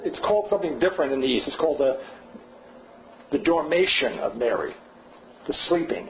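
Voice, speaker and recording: An older man gives a loose, digressive seminar talk, pondering aloud and prodding listeners with "right?" and "you see?". His voice sits a bit higher than most men's. The recording is dull and lo-fi, with a faint hiss underneath. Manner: digressive, thinking aloud, frequent rhetorical "right?". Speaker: seminar lecturer. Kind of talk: informal seminar lecture.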